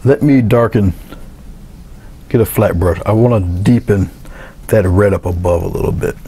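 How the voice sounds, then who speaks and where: A man giving a casual painting tutorial, talking through each step in a relaxed way as he works. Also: on the low side, normal speed, slight background noise. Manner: relaxed, talks to himself while working, thinks aloud. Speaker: painting instructor.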